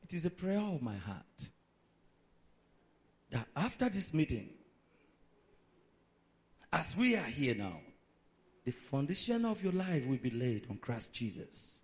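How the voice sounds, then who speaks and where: Male preacher, high register, lively and emphatic delivery. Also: slow pace, pauses often. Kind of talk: sermon.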